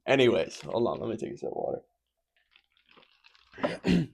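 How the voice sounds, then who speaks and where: A man talks to his viewers in a loose, offhand way, often stopping to correct himself or start over. His voice sits at an ordinary middle pitch and is picked up close to the mic. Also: very animated, takes it slowly, creaky, long pauses, slightly rough. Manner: rambling, self-interrupting, offhand. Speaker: vlogger. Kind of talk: casual chat to camera. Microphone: close microphone.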